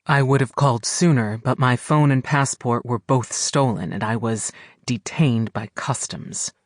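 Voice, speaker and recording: Casting: a male narrator reading a tired, raspy, fed-up traveler on a bad phone line, dry studio sound. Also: medium pitch, measured pace, no room sound, lightly acted. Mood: weary. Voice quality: raspy from hours of talking. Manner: weary, clipped phone talk. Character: exhausted, irritated man stranded at an airport. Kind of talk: audiobook character voice.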